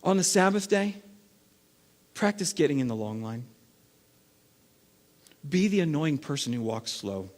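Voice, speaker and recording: A man preaching a sermon as lead pastor, acting out everyday scenes and swinging between loud bursts and hushed stretches. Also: a little high, sing-song, a little slow, pauses often. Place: church sanctuary. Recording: long reverb of a large hall.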